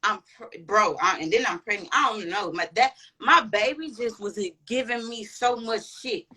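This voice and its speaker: A woman's voice: fairly high pitch, normal speed, bright, forceful tone, husky, low-quality recording. A woman guest on a chat podcast telling a personal story candidly, with lots of slang and swearing. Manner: candid, profane, slangy and emphatic.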